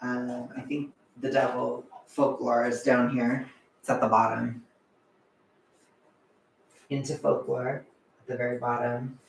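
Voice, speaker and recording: A man's voice: medium pitch, measured pace, vocal fry, pauses often, a little hiss or hum. Young guy rambling on a livestream, kinda far off the mic, roomy echo. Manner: chatty, animated, swearing, laughs often. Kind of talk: casual livestream chat. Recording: echoey room, away from the mic.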